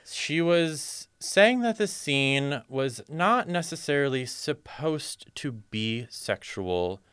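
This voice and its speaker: A young adult man co-hosting a podcast, telling a story in an expressive, playful way. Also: on the high side, slow, clean tone, no room sound, studio quality. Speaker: podcast co-host. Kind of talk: casual podcast chat.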